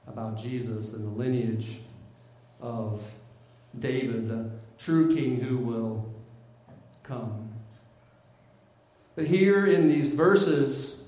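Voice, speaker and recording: A male pastor preaching a sermon in a conversational, animated way in a church. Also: medium pitch. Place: church sanctuary. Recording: very echoey hall.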